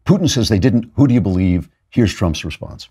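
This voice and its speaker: A man hosting a political commentary show, delivering a sarcastic, animated monologue. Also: lowish voice, a little fast, husky. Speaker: host.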